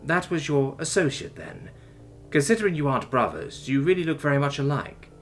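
A man voicing a calm, patient male interrogator who questions mildly and evenly. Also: on the high side, fairly quick, gravelly, soft background music, pitched above the performer's own voice. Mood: calm probing. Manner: mild, even, coaxing questioning.

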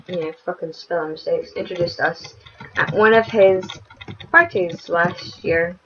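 A woman's voice: fairly low pitch, measured pace, background noise. Young woman let's-player, reads game chat aloud, blunt, sweary asides; muffled lo-fi mic. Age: young adult. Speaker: let's play gamer. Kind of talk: reading game dialogue aloud with commentary.

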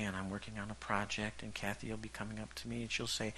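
A man's voice: lowish voice, level tone, fast, few pauses, pushed and bright, slight background noise. A middle-aged male pastor giving a conversational sermon, often checking in with the congregation.

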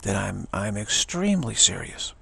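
A man with a low, gravelly voice talks in a casual spiritual monologue. He is earnest and rambling and often restarts his sentences, and his tone is rough and a little husky throughout. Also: sing-song, moderate pace, pushed and bright. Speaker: spiritual video blogger.

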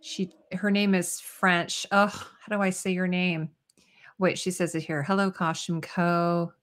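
A woman's voice: on the low side, fairly even intonation, a little slow, fairly bright tone. A woman hosting a casual livestream chat, talking loosely with lots of fillers and reading viewer comments aloud. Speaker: host.

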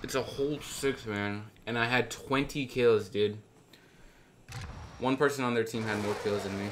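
A young man commenting casually on his own gameplay as a streamer, excitable and slangy. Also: mid-range voice, normal speed, background noise. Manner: excitable, slangy, keeps saying dude. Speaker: gaming streamer and YouTuber.

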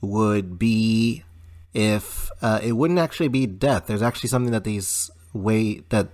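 A man co-hosting a podcast, talking in a halting way with many pauses and fillers. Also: on the low side, darkish tone, dry recording, studio quality. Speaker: podcast co-host. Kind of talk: casual chat.

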